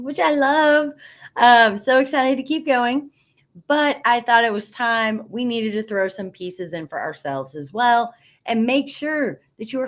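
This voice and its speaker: A woman hosting a live stream, chatting and reading viewer comments in an upbeat, encouraging, gushing way. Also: on the high side. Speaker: host of a live stream for women Jeep owners. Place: studio.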